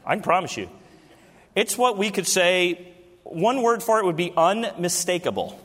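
A man in his thirties with a notably high voice delivers a sermon from the pulpit. He talks to the congregation like friends and keeps asking them questions. His voice rings out with the long reverb of a large church hall. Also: very animated, moderate pace, fairly bright tone. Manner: conversational preaching with rhetorical questions to the congregation. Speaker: pastor. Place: church sanctuary during a service.

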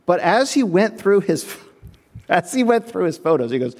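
A man preaching a sermon, telling lively stories with acted-out voices and frequent chuckles, in a church. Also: high-pitched, moderate pace. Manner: animated storytelling, acts out voices, chuckles often. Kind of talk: sermon with humorous anecdotes. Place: church sanctuary. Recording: long reverb of a church sanctuary.

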